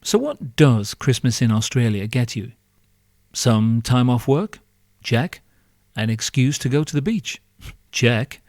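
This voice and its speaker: A man hosting a podcast, ranting in a sarcastic, sweary comic monologue full of rhetorical questions. His mid-pitched voice is recorded close and dry, with no room sound. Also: big pitch swings, measured pace, darkish tone, no room sound. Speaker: podcast host.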